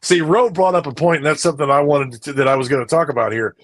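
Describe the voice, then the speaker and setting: This podcast co-host talks fast in a slightly high voice. He rambles through the casual conversation, frequently repeating his phrases.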